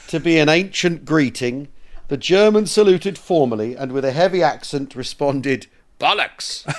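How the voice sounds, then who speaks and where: Brief: male co-host, lively swooping delivery, slightly higher voice, relishes reading aloud. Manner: animated, reads letters aloud with relish. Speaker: podcast co-host. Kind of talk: casual history podcast chat.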